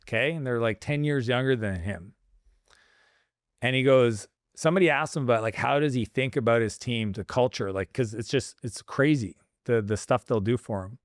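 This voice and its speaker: A man in his forties talks through personal stories on a podcast. His voice sits in an average register and he slips into animated little impressions of others. The sound is close and dry. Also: medium pitch, normal speed, no echo. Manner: animated storytelling, acts out dialogue. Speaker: guest entrepreneur. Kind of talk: casual podcast conversation.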